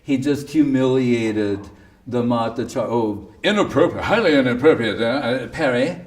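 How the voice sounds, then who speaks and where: A man's voice: medium pitch, lively intonation, normal speed, lightly acted. A man mimicking a scandalized upper-class English critic in a huffy, prissy manner.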